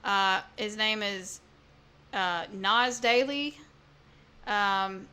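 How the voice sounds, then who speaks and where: A woman's voice: mid-range voice, very slow, bright, forceful tone, clear, resonant tone. A woman co-hosting a podcast, giving blunt opinions in casual chat. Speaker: podcast co-host.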